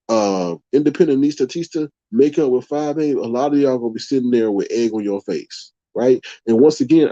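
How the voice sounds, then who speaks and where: A man hosting a live online stream, talking casually to his viewers, reading their chat comments aloud and giving his take in an animated way. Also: mid-range voice, no echo. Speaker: YouTube livestream host. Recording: dull, dry lo-fi stream audio.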